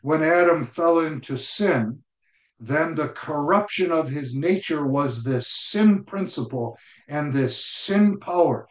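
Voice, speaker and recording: A man delivers a sermon in a measured, unhurried cadence, his voice sitting slightly high. He leans on repeated phrases to drive each point home, and the sound rings in a reverberant room. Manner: slow, deliberate preaching with emphatic repetition. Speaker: pastor.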